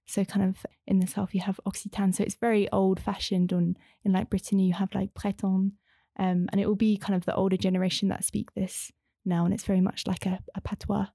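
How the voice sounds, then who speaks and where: A woman's voice: mid-range voice, little pitch movement, fairly quick, creaky, warm tone, dry recording, clean studio sound. A young woman in casual conversation, talking in a chatty, rambling way with many fillers. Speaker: interview guest, former language student.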